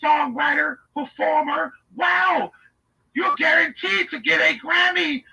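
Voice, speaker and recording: A man voicing a fawning, gushing woman juror, with sugary flattery and breathy squeals. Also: very high voice, takes it slowly, recorded from a distance, pitched above the performer's own voice, heavily acted, low-quality recording.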